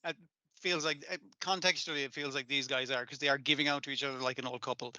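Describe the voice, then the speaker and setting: A man's voice: mid-range voice, steady tone, pushed and bright, no echo. A man co-hosting a podcast, chatting casually and swearing freely as he retells scenes. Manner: swears casually, acts out scenes in quick voices. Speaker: podcast co-host. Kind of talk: casual chat about anime.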